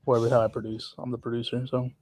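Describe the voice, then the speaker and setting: A man's voice: medium pitch, flat delivery, rapid-fire, a little mellow. A young man chatting casually on a podcast about the history of his channel, loose and rambling, swearing freely. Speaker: channel co-founder.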